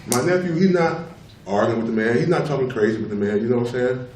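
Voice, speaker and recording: A man's voice: mid-range voice, quick pace, a little mellow. A middle-aged man giving spoken testimony at a public tribunal as a father, talking emphatically and repeating himself to press each point. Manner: emphatic, repetitive, keeps asking "you know what I'm saying". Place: public hearing room. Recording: roomy hall, mic far off, faint noise.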